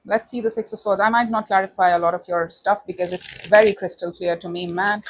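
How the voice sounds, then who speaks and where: A woman reads tarot cards out loud in a relaxed, conversational way. She talks straight to her viewer, often calls them honey, and puts their feelings into first-person quotes. Her voice sits at a middle pitch. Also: brisk, poor audio. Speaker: tarot reader. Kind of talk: casual tarot reading monologue.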